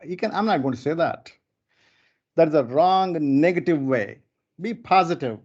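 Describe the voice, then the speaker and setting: A man's voice: fairly high pitch, moderate pace. A man, lecturing others in a preachy, scolding way. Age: 60s. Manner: scolding, preachy, then affectionate. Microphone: video call. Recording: dull lo-fi video call audio.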